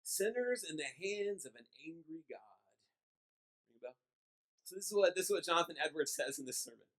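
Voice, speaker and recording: A man with a high voice preaches a conversational sermon in church. He talks informally, cracks small jokes and often restarts his sentences. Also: lively intonation, a little fast, a bit bright, rough recording. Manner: informal and joking, with repeated restarts. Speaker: pastor.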